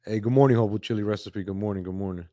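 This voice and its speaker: A man's voice: lowish voice, fairly even intonation, rapid-fire, no room sound. Chatty male livestream host, dry sound. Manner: chatty and repetitive, often says "ladies and gentlemen"; reads viewer chat names aloud. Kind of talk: casual political commentary stream.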